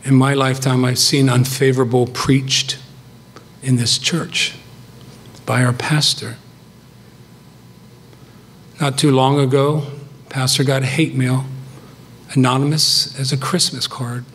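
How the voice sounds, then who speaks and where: A man's voice: mid-range voice, flat delivery, slow, long pauses, fairly bright tone, a little hiss or hum. A middle-aged man giving a farewell sermon to his church, earnest and emphatic in short, punchy phrases.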